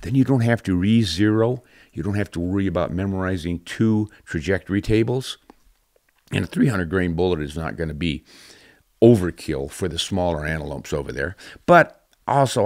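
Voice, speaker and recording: An older man hosting a podcast in casual chat, self-deprecating and quick to laugh. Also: sits low, dry recording, studio quality. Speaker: podcast host.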